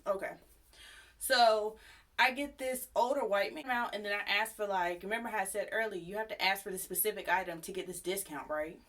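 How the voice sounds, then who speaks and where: A young woman telling a personal story to her viewers in a chatty, animated, sassy way. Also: medium pitch, fairly quick. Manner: chatty, animated, sassy retelling with acted quotes. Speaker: YouTube storyteller. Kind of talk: casual storytime vlog.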